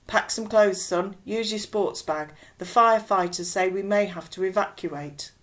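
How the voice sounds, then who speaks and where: Female reader as hurried storybook dad, brisk commands, louder than the narration. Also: mid-range voice, natural voice. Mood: urgent. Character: urgent father of a boy.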